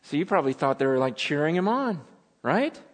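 A man preaching a sermon, telling stories dramatically and swinging between loud urgency and hushed intensity. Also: a little high, big pitch swings, fairly quick. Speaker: pastor. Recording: long hall reverb.

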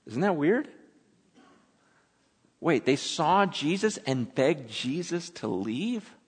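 A man preaching a sermon, telling stories dramatically and swinging between loud urgency and hushed intensity. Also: on the high side, sing-song, slow, slightly rough. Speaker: pastor. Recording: long hall reverb.

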